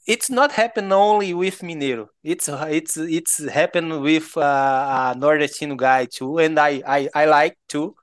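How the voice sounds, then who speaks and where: A man's voice: fairly high pitch, measured pace, hardly any pauses, clear, resonant tone, no room sound. A man from Brazil with a Brazilian Portuguese accent, a native Portuguese speaker chatting in English. He hesitates, restarts often and laughs between phrases. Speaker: participant. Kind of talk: casual chat, English conversation practice.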